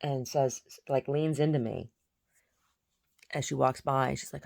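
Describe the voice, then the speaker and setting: A woman's voice: sits low, slow pace, creaky, pauses often, darkish tone. A woman vlogging in a blunt, profane, agitated rant to the camera. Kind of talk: casual vlog rant.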